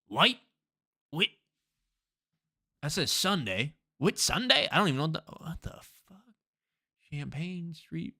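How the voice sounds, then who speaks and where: A male streamer talking loosely through a live game, swearing and musing to himself. His pitch moves around a lot. He speaks at an unhurried pace. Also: very animated, sharp tone. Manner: casual, profane, thinks aloud.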